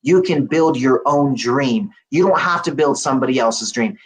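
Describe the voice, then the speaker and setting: A man's voice: medium pitch, normal speed, few pauses, low-quality recording. A middle-aged man guest telling an earnest personal story, acting out the lines of the people in it. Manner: earnest and animated, acts out dialogue. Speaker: podcast guest. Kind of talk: storytelling testimony.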